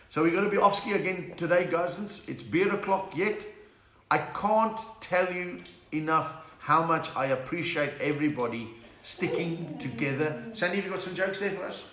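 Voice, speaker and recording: A man's voice: on the high side, moderate pace, a bit bright. A South African man hosting a live stream from home, chatting casually, punning and reading out viewers' names. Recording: echoey room.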